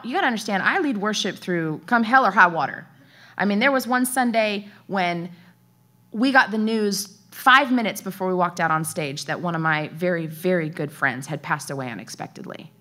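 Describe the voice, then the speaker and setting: A woman in her thirties, a worship leader giving an emotional testimony sermon, her voice rising high in quoted pleas and dropping to near-whispers. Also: fairly bright tone. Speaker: worship leader and conference speaker.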